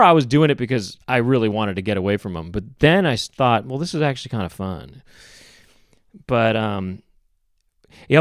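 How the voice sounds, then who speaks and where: A man with a lowish voice talks on his podcast in a meandering, deadpan comic monologue. He keeps correcting himself and wandering off topic. The sound is dry and close, with no room behind him. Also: no echo. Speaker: podcast host. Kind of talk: rambling comedic monologue.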